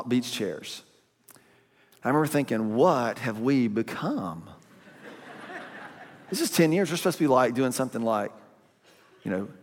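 A man preaching a sermon in a conversational, animated way, breaking into sudden loud bursts. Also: mid-range voice. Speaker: pastor. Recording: long hall reverb.

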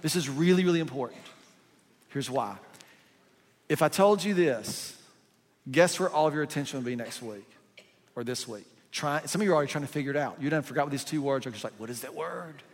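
A man's voice: a little high, a little fast, long pauses. Man preaching in a reverberant hall. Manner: animated, conversational preaching with rhetorical questions. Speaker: pastor. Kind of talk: sermon.

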